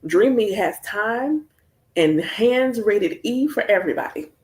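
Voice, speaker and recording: An American woman hosting a casual livestream chat, talking in an animated, storytelling way with playful asides. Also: medium pitch, a little slow. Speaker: spiritual practitioner hosting a livestream.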